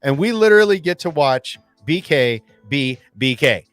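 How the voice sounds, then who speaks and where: A man hosting a fan channel, recapping an episode in casual livestream chat, excitable and acting out lines in voices. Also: fairly high pitch, moderate pace, no echo, soft background music. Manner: excitable, acts out quotes in voices.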